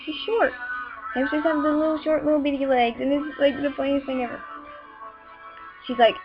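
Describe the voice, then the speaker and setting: A teenage girl with a Southern accent, rambling casually to a webcam with lots of fillers and quick irritated asides. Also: sits high. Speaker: vlogger. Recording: muffled webcam audio with music behind.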